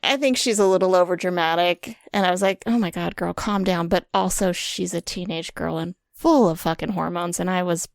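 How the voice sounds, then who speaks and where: A woman guest on a podcast, chatting casually, animated and profane, acting out quotes as she talks. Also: lowish voice, a little fast, creaky, few pauses, dry recording, clean studio sound. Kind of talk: casual chat.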